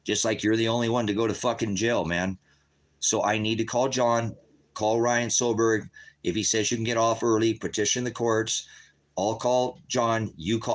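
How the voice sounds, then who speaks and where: A man, a father and host, ranting angrily with heavy profanity and sudden rises in pitch. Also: little pitch movement. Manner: profane, heated, rapid shifts in pitch. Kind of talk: angry livestream rant.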